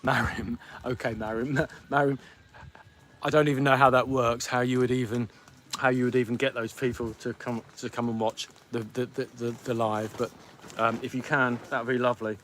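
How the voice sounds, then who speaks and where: A middle-aged man hosting a live stream from home, grumbling and pleading with theatrical exasperation. He rattles along at an auctioneer's clip in a mid-pitched voice. There is a faint hiss of background noise. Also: flat delivery, fairly bright tone. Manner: grumpy, theatrical, pleading with viewers; rapid-fire like an auctioneer. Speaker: podcast host on live stream. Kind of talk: casual live-stream chat.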